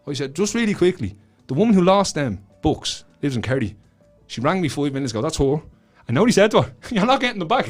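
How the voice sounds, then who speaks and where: A man's voice: a little high, big pitch swings, quick pace, faint music behind. A man with a Dublin Irish accent, a guest author telling a story with lots of swearing and acted-out voices. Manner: swears freely, acts out the voices in his stories. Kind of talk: animated storytelling.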